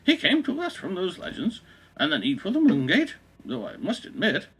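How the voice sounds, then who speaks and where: A man voicing a haughty old English woman reading her private notes aloud in a high wavering falsetto. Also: wildly swooping pitch, normal speed, a bit bright, slightly rough, heavily acted, low-quality recording.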